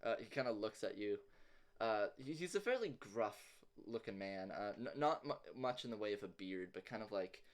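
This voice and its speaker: A man's voice: lowish voice, lively intonation, moderate pace. A man narrating a tabletop game as game master, describing scenes loosely with many fillers.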